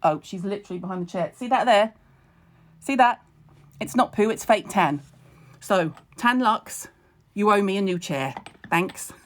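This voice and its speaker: A middle-aged woman chats to her viewers from home in a live stream, with a voice of ordinary pitch for a woman. She is blunt and wry, drifting into asides and dry jokes as she gives skincare advice. It sounds close and informal, like a phone or camera at arm's length. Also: unhurried, long pauses. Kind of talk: casual live-stream chat.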